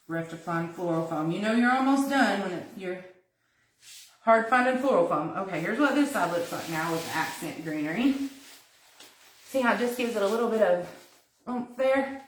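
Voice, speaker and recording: Chatting with her viewers during a live kitchen crafting demo, this host giggles often and talks through her steps as she works. Her medium-pitched voice carries lively intonation at a moderate pace, broken up by frequent pauses. The recording has a little hiss or hum, with kitchen echo and a far-off mic.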